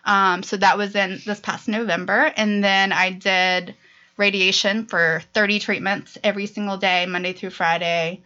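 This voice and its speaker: Woman guest, upbeat and matter-of-fact, tense bright tone, dull lo-fi recording. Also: mid-range voice, fairly even intonation, moderate pace. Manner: upbeat, matter-of-fact about her treatment. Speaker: podcast guest. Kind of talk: casual interview chat. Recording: dull lo-fi audio.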